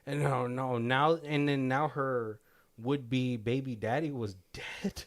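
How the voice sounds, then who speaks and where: A man's voice: medium pitch, steady tone, takes it slowly. Young guy on a podcast, jokey, laughs a lot, chats easy. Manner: laughs often, chatty and joking. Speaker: podcast co-host. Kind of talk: casual chat.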